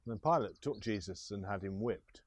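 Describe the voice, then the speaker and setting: A man retelling scripture slowly and deliberately, with small restarts. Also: lowish voice, darkish tone, no room sound. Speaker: scripture reader. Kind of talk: scripture storytelling.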